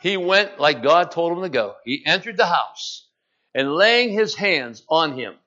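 A male preacher giving an animated, dramatic sermon and acting out scripture, in a slightly muffled recording. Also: on the high side, a little slow.

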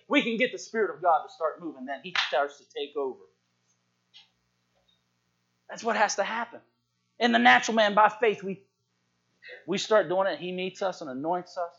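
A man preaching a sermon in a church, calling out to the congregation and swinging from hushed asides to shouts. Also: sits high, animated, moderate pace, long pauses. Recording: dull lo-fi sound.

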